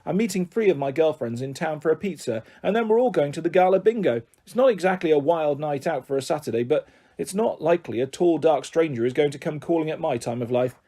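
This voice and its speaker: A brisk, self-centred middle-aged aunt, put on by a male reader, who chatters and brushes others off. She sounds a little high and soft-edged. She is bossy and never stops talking. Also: expressive, husky. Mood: dismissive.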